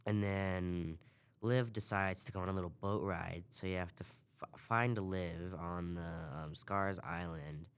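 A man's voice: low-pitched, fairly even intonation, a little slow, clear, resonant tone. A man hosting a podcast, casually recapping a video game in a rambling way and swearing offhand. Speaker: podcast host.

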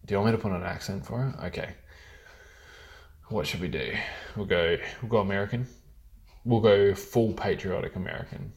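A man's voice: low-pitched, moderate pace, long pauses. A man vlogging in rambling, profane casual chat, with many filler words.

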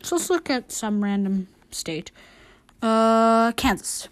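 A woman with a somewhat high voice hosts a homemade news rundown. She reads through long lists in a casual, unpolished way and stops to correct her own slips. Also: animated, slow, clear, resonant tone. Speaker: news show host.

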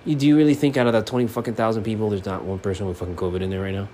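A man from Miami holds forth alone on his sports podcast, his voice sitting on the low side. He curses freely, drifting from subdued, almost muttered stretches into loud, fired-up ranting. A faint hiss of room noise hangs under the recording from his apartment. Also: very fast. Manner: profane, animated, swings between subdued mumbling and loud ranting. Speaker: podcast host. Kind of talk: casual solo sports podcast rant.

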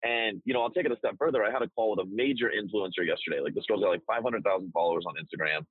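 男性 電話のような音質の、かすれた低めの声. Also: male voice, on the low side, rapid-fire, slightly rough, no echo, narrow, tinny audio. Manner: blunt, profane, animated storytelling. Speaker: business coach. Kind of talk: casual podcast chat.

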